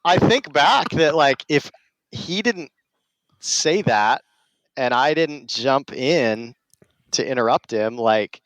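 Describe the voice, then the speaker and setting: A man's voice: medium pitch, expressive, slow pace, fairly bright tone, dry recording. Easygoing male podcast guest. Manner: easygoing, reflective storytelling. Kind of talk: casual chat.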